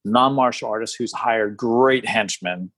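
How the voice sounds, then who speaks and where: Male podcast co-host, husky mid voice, dry sound, casual and a little halting. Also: medium pitch, a bit bright, no echo. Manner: hesitant, restarts sentences often. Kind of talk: casual film discussion.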